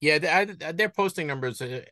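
A man with a Boston accent co-hosting a casual podcast, animated, with frequent restarts. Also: fairly high pitch, normal speed, dry recording. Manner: animated, stumbling restarts, laughs easily. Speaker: podcast co-host. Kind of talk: casual chat.

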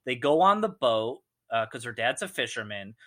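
Guy rambling through a movie recap, lively storyteller, bright voice, middle pitch. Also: moderate pace. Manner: rambling, animated storyteller, acts out quotes. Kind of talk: casual movie chat.

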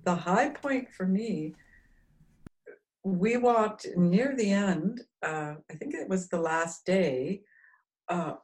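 A woman recalling a windy cliff walk, animated with hesitations. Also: mid-range voice, slow pace, poor audio. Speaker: guest. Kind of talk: casual recollection.

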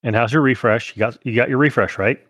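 A man playing Ash, a quiet reserved ex-scavenger. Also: medium pitch, fast, no room sound, lightly acted. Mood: caring. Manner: terse, caring questions.

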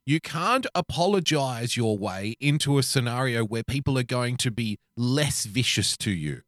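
A man's voice: medium pitch, lively intonation, normal speed, a bit bright, dry recording, studio quality. A man co-hosting a podcast, ranting bluntly in profane casual chat. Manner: blunt, ranting, heavy swearing. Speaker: podcast co-host.

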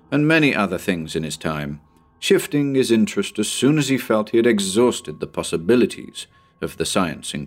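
A man reading a short story aloud in an expressive, measured narration. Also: on the low side. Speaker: audiobook narrator.

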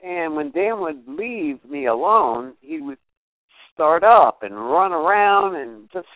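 A man's voice: fairly high pitch, takes it slowly, no room sound. An older man, a guest musician, telling stories in a casual interview and acting out the people in them. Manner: animated storyteller who acts out the people in his tales. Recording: dry, tinny phone-like audio.

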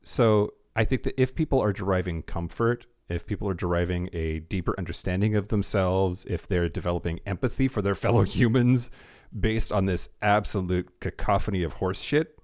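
A man's voice: low voice, moderate pace, darkish tone, dry recording, studio quality. A man co-hosting a podcast in casual chat, rambling and restarting his sentences, with wry jokes. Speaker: podcast co-host.

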